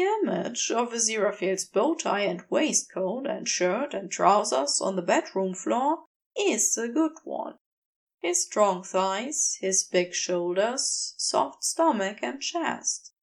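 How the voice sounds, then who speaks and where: A woman narrating a story for an audiobook in a slow, intimate way. Her voice sits fairly high and rises and falls freely, with a gravelly fry at the ends of phrases. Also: sing-song. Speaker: podfic reader. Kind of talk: fan fiction audiobook narration.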